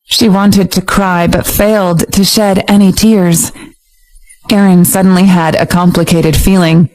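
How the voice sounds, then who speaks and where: A woman narrating a romance audiobook in a steady, even storytelling voice. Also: lowish voice, measured pace, poor audio. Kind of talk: scripted narration.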